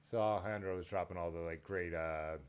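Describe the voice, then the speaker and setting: A man hosting a live stream in casual chat, excitable and jumping between topics, laughing often. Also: sits low, a little fast, clear, resonant tone. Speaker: livestream host.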